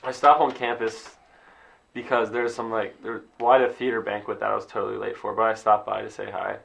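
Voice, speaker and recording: A man's voice: fairly low pitch, flat delivery, a little fast, creaky, fairly bright tone. A young man co-hosting a podcast, telling a rambling story with a laugh and acting out what people said. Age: young adult. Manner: rambling, laughing, acts out quotes. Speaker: podcast co-host. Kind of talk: casual storytelling chat.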